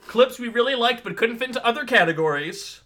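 A man's voice: extremely high pitch, animated, fast, sharp tone. A man co-hosting a podcast, talking in a playful, joking way and laughing often. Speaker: podcast co-host. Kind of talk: casual podcast chat.

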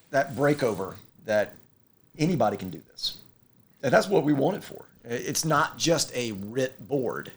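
A man in casual conversation, telling stories and acting out the voices of the people in them. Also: medium pitch. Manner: animated storyteller who acts out quoted voices. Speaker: inventor of a firefighter rescue board.

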